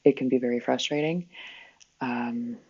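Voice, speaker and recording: A woman's voice: a bass voice, fairly even intonation, unhurried, a little mellow, slightly rough, highs cut off. A woman hosting a live spiritual healing session in casual, rambling talk. She corrects herself often and chuckles along the way.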